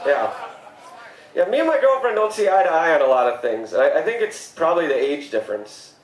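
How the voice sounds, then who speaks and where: A man in his thirties doing a stand-up comedy set, with deadpan one-liners and sudden mock-shocked outbursts. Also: a little high, a little fast, reverberant, low-quality recording. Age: 30s. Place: comedy club stage.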